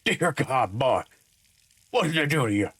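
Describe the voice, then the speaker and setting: A man voicing a gruff, protective middle-aged father in a game read-aloud, blunt and growling. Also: medium pitch, lively intonation, unhurried, fairly bright tone, dry recording. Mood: worried.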